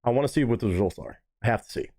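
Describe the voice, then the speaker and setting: Racing through chat comments on his live stream, a man with an expressive, mellow voice swears freely and breaks into high-pitched mocking asides.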